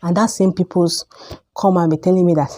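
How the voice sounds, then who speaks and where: Emphatic Nigerian woman ranting, mellow voice. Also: lowish voice, steady tone, fairly quick. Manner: emphatic, repetitive, rises sharply when heated. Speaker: vlogger. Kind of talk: opinion vlog rant.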